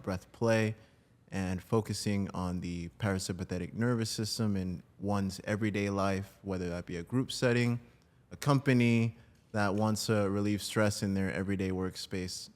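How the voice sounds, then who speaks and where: A man from New Jersey, a breathwork practitioner, talking as a guest in a casual interview, animated and quick to laugh. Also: sits low. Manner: animated, laughs easily, trails into quiet asides.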